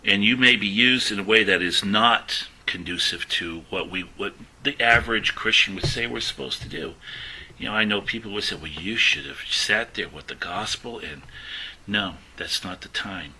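A man's voice: on the low side, normal speed, sharp tone, a little hiss or hum, rough recording. A middle-aged man giving an informal sermon, talking conversationally and stressing words as he reads scripture aloud. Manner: conversational, self-interrupting, stresses words when reading scripture. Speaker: lay preacher.

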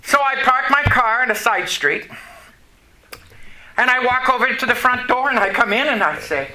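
A man with a very high, sharp, bright voice tells a testimony story from the pulpit and keeps asking the congregation questions. He sounds echoey, as in a church hall, with faint noise underneath. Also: expressive, moderate pace. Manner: storytelling, asks the audience questions. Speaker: preacher giving a testimony.

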